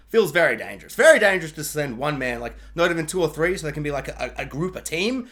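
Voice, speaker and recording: A man's voice: a little high, very animated, fast talker, hardly any pauses, a bit bright. A man giving a sarcastic, rambling casual review rant, full of filler words. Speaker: show reviewer.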